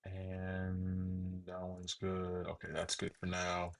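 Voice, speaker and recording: A man's voice: sits low, completely flat delivery, slow, vocal fry, soft background music. A man talking through his coding work in a casual, muttering way, swearing now and then, with the hiccups. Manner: muttering to himself, swears freely. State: has the hiccups. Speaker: programmer streaming his coding.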